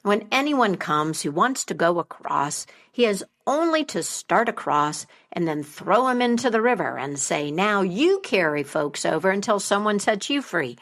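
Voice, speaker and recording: A woman's voice: mid-range voice, sing-song, a bit bright. A woman voicing a grumpy, sleepy male dragon who drags out his threats. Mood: irritated, surly. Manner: surly, drawn-out threats.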